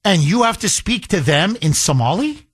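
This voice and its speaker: A man's voice: high voice, big pitch swings, moderate pace, fairly bright tone, breathy edge. A man hosting a talk radio show, delivering a combative opinion monologue full of incredulous rhetorical questions, with a slight accent. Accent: slight foreign accent.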